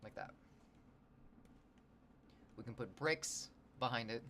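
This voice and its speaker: A man's voice: mid-range voice, expressive, takes it slowly, pushed and bright, a little hiss or hum. A man streaming his drawing session, rambling and joking with his chat. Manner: rambling, jokey, talks to chat. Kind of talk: casual livestream chat while sketching.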